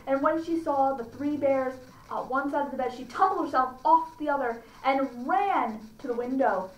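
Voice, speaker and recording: A woman at a library reading a fairy tale aloud to children, pausing to comment and ask them questions. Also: high voice, fairly bright tone. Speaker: library storyteller. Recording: roomy, distant mic, faint ambience.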